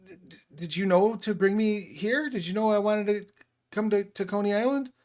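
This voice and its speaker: A man's voice: high voice, moderate pace, darkish tone, voice pushed up, lightly acted. A man voicing a frightened teenage boy who stammers in a panic, in a tabletop game. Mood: scared.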